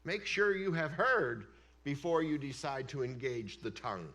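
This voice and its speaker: A man preaching a sermon as pastor of a church, emphatic, swinging between loud declarations and hushed asides. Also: fairly high pitch, lively intonation, normal speed. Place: church sanctuary.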